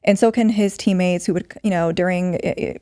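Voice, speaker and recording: A woman's voice: fairly low pitch, fairly even intonation, fairly quick, dark tone, no echo, studio quality. A middle-aged woman, a podcast guest, telling a story earnestly in conversation with many fillers. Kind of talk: storytelling in an interview.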